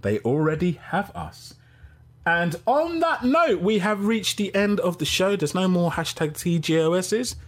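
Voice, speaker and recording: A middle-aged man hosting a casual live-stream podcast, reading out chat and giving shout-outs. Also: sits high, animated, measured pace. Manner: chatty, gives shout-outs, laughs easily.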